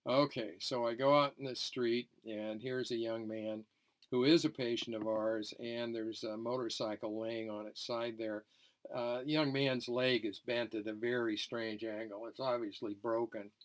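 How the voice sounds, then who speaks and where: A man's voice: mid-range voice, fairly even intonation, unhurried. A man, a dentist, giving a lecture as folksy stories with frequent fillers. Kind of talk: anecdotal lecture presentation.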